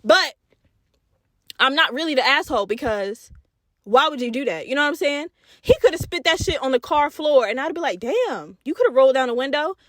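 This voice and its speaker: Animated, profane high-voiced woman podcaster. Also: fairly quick, no room sound, clean studio sound. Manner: animated, profane, laughs while telling stories, acts out voices. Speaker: podcast host. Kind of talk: casual storytelling monologue.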